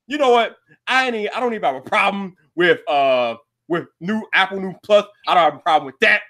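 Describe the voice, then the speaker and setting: A young man hosting a tech talk show, ranting loudly and exasperated, often shouting and swearing. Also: sits high, expressive, a little fast. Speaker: show host.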